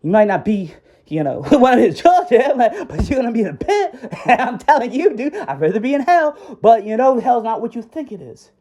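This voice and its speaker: A man's voice: very high voice, sing-song, a little fast, a little mellow. A former schoolteacher, a man, rambling angrily on a recorded phone call and often asking "right?". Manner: rambling, agitated, keeps asking "right?" and says "dude". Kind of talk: heated recorded phone rant.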